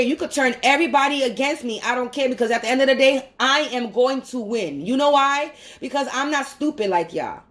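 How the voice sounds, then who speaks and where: A woman's voice: high-pitched, fairly bright tone. A woman vlogger, ranting angrily and profanely, repeating her points. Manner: heated, profane, repeats herself. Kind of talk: angry rant to camera.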